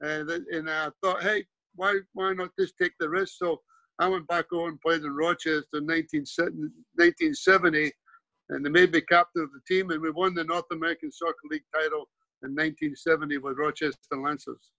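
Scottish guest in his 70s; high, forceful tone; chatty storyteller full of restarts. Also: fairly even intonation, fairly quick, no echo, low-quality recording. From Scotland. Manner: rambling anecdotes with frequent restarts and "you know". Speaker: guest, former pro player and coach. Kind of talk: casual storytelling interview.

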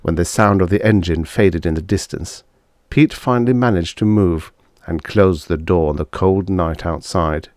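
A man narrating a vintage science fiction short story with a lively, expressive reading. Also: sits low, moderate pace, dry recording, clean studio sound. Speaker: audiobook narrator. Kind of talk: scripted narration.

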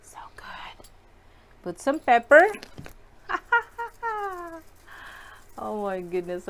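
A woman cooking at home and chatting to her viewers, giggly and excitable. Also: medium pitch, a little hiss or hum. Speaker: cooking vlogger. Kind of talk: casual cooking chat to viewers. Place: home kitchen.

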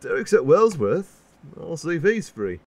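A man voicing a patient, good-natured male engine in a storybook reading, with a calm, helpful and reasonable way of talking. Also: on the high side, moderate pace, creaky, pitched above the performer's own voice. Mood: urgent. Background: music.

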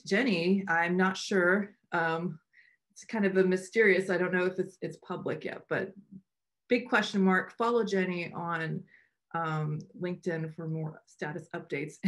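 A woman co-founder hosting a meetup on a video call, chatting in a loose, rambling way with many restarts. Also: lowish voice. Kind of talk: casual welcome remarks on a video call.

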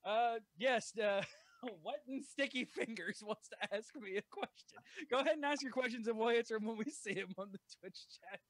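A man hosting a podcast in loud, excitable, profane casual chat full of fillers. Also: extremely high pitch, normal speed, dry recording. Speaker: podcast host.

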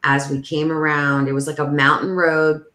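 A woman with a low voice tells her story with lively energy, peppering it with "like" and acting out every voice. The sound is roomy with a clear echo. It has the feel of a casual podcast chat. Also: moderate pace. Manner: animated, full of "like", acts out the voices in her story. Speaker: podcast guest.

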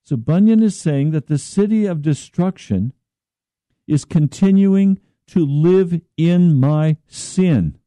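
A man preaching a slow, earnest radio sermon as pastor, at times pleading in prayer. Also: fairly high pitch, animated, warm tone, no echo.

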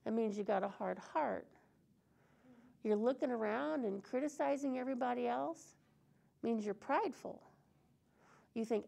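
A woman's voice: a little high, moderate pace, gravelly, long pauses, warm tone. A woman preaching an earnest, conversational sermon in a church service.

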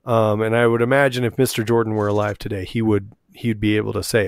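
Jokey podcast co-host with a dry sound. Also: male voice, fairly low pitch, little pitch movement, quick pace, few pauses, no echo. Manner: jokey, speculative. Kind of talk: casual chat.

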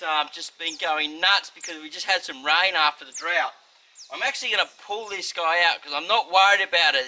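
A man's voice: high-pitched, sharp tone, poor audio. A man with an Australian accent hosting a casual gardening vlog, chatty and enthusiastic, addressing viewers as his friends. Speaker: gardening channel host.

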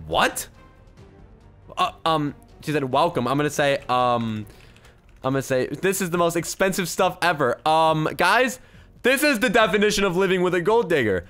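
Male gaming host, excitable commentary, highish and very animated, soft music bed underneath. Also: brisk. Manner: excitable, swings from hushed murmurs to loud squeals. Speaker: gaming YouTuber. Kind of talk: Roblox gameplay commentary.

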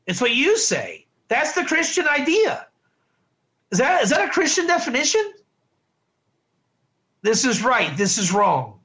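A man's voice: very high-pitched, wildly swooping pitch, a little slow, pauses often, sharp tone. A man teaching a casual Bible study class, chatty, often repeating himself and quizzing his students. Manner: chatty, repeats words and restarts, asks the class questions. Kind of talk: informal class lecture.

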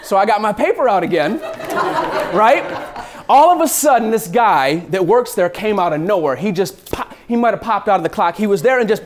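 Animated man telling a travel story. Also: high-pitched, fairly quick, slight background noise. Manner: lively, acts out scenes, mixes in swearing.

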